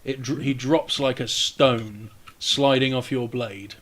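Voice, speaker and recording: A man narrating as game master, relaxed, with frequent hesitations while describing the scene. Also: medium pitch, takes it slowly, slight background noise.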